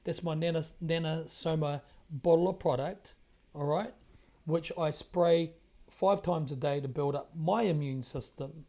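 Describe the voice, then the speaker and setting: Speaking a little slowly in a slightly high voice with a dark tone, this New Zealand-accented host runs his own broadcast. He comments on current events in a monologue, emphatic and prone to repeating phrases for effect.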